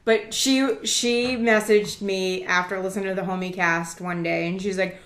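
A woman's voice: mid-range voice, steady tone, moderate pace, fairly bright tone. A woman from the Boston area, co-hosting a podcast in casual, laughing chat. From Boston area, USA. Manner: chatty, laughing, mimics voices in quotes. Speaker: podcast co-host. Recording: echoey room.

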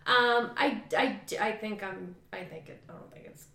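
A woman's voice: medium pitch, normal speed, gravelly, bright, forceful tone, roomy sound. A woman chatting casually about dating, reflective and hesitant, often correcting herself. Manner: reflective, hesitant, self-critical.

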